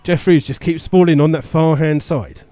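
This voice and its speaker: Quick, dark-toned football commentator man. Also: a little high, steady tone, dry recording. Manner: rapid play-by-play with fillers and chuckles. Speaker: match commentator. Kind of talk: live football radio commentary. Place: stadium commentary position.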